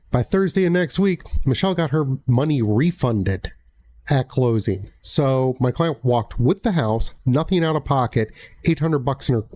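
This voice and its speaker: A man's voice: medium pitch, dark tone. An American man hosting a live Q&A, telling a story bluntly with frequent restarts and some swearing. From United States. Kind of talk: casual livestream talk.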